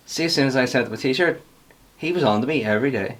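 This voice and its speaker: A man hosting a podcast in casual chat, telling stories with growing excitement and laughs. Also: mid-range voice, fast. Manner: storytelling, animated when excited, with laughs. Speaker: podcast host.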